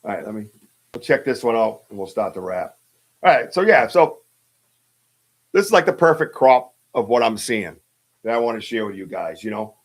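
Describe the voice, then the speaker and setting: This fairly low-pitched man is very animated, talking at normal speed but with long pauses. A podcast host, he tells a casual live-stream story that rambles, with lots of fillers and restarts.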